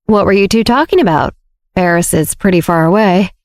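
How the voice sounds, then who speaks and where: A woman's voice: lowish voice, a little fast, darkish tone, dry recording, studio quality, close to an everyday voice. A woman voicing a jealous, blunt young man who speaks curtly, in an audiobook. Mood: suspicious. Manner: curt, blunt. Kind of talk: audiobook character voice.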